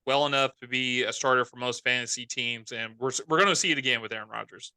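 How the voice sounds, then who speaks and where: A man's voice: mid-range voice, quick pace, bright, forceful tone, smooth, dry recording. A man co-hosting a fantasy football podcast in casual, rambling chat that often corrects itself mid-sentence. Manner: loose, rambling, self-correcting. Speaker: podcast co-host.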